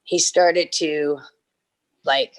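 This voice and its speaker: A middle-aged woman on a video-call fan panel, telling lively stories and acting out the people in them. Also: extremely slow. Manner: animated, acts out quotes with big leaps in pitch. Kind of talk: casual anecdote telling.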